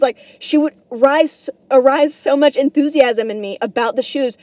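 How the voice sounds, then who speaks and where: A woman's voice: high voice, normal speed, hardly any pauses, a little mellow, no room sound. A young woman hosting a solo podcast, rambling casually, swearing freely and stumbling over her words in a self-deprecating way. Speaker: podcast host.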